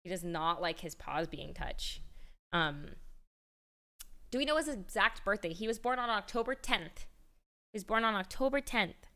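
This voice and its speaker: A woman's voice: mid-range voice, lively intonation, moderate pace, long pauses, bright, forceful tone. A woman livestreamer in casual chat, rambling with frequent restarts and easy laughter. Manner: chatty and rambling, restarts often, laughs easily.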